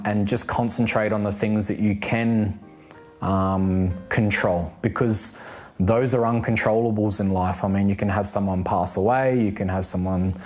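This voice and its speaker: A man giving a candid, earnest interview answer in a measured way, with occasional fillers. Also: on the low side, darkish tone.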